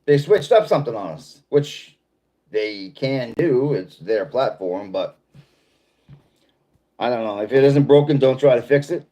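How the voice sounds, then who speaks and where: A man's voice: medium pitch, animated, measured pace, warm tone. Laid-back Boston man chatting on a livestream. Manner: rambling, laid-back, reads viewer comments aloud. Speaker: livestream host. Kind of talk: casual livestream chat reading comments.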